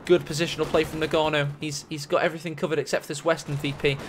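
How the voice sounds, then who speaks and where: High-voiced excitable male game caster. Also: rapid-fire, soft background music. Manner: excitable, jokey, rises to shouts at big plays. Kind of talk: energetic esports commentary.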